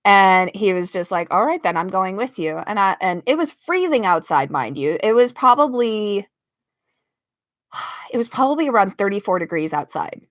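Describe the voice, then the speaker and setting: Lively young American woman telling a story. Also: medium pitch, moderate pace, no room sound, clean studio sound. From United States (Las Vegas). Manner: lively, laughs often, acts out quoted lines. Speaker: live-stream host. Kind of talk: casual storytelling to a live chat. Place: home bedroom. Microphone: own microphone at desk.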